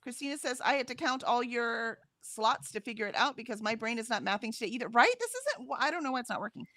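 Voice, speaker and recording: A woman co-hosts a casual livestream, reading chat comments aloud, laughing often and trailing off mid-sentence. Her voice is fairly high and bright, and she's animated and fast, with clean studio sound and no room sound.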